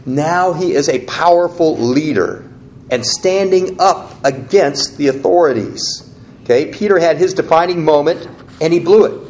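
A man's voice: a little high, normal speed, darkish tone, slight background noise. A man preaching a sermon, teaching in a conversational way and guiding listeners through the verses as he reads them aloud. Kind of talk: sermon with scripture reading.

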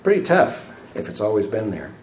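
A man's voice: on the low side, wildly swooping pitch, moderate pace, a little mellow. A man preaching a sermon, asking the congregation rhetorical questions and adding light self-deprecating humor. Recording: echoey room, faint room noise.

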